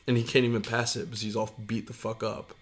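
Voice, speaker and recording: A man's voice: medium pitch, level tone, fast talker. This is a man chatting casually as a podcast co-host while under the weather, his voice wearing thin. His talk rambles along, salted with swearing and frequent laughter. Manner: rambling, profane, laughs often. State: unwell, voice giving out.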